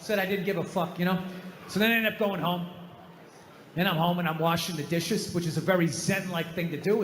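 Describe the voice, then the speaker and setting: A man with a Boston accent works a live crowd in a stand-up routine, pitched high and ranting through a story. His voice rings out in a large, echoey hall with a faint hum of the room behind it. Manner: animated storytelling, ranting, big put-on voices. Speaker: stand-up comedian.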